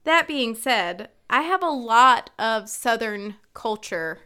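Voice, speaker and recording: A woman in her thirties from North Carolina, co-hosting a chat podcast and ranting in an animated, laughing way. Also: a little high, slow, smooth. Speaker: podcast co-host. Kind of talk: casual chat.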